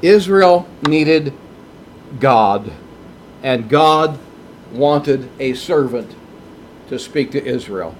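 A man preaching a sermon in a slow, emphatic way, with big swings in pitch for emphasis. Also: lively intonation, a little hiss or hum.

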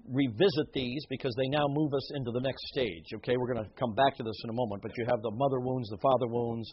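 Husky, emphatic male preacher. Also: mid-range voice, highs cut off. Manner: earnest, emphatic, with asides and short laughs. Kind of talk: sermon.

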